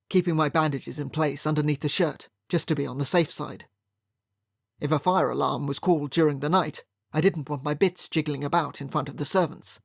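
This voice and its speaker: An audiobook narrator reading a first-person period mystery in a wry, measured storytelling manner. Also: mid-range voice, gravelly, no echo, studio quality.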